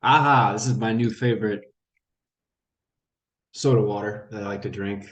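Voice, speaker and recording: A man's voice: lowish voice, steady tone, normal speed, pauses often, echoey room, highs cut off. A man chatting casually to camera as a crypto vlogger, loose and joking as he talks.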